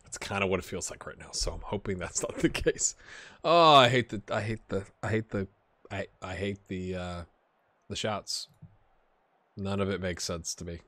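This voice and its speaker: A man casually commentating a football management game, rambling and questioning himself, with sudden bursts of excitement. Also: deep voice, moderate pace, dry recording. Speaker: gaming YouTuber.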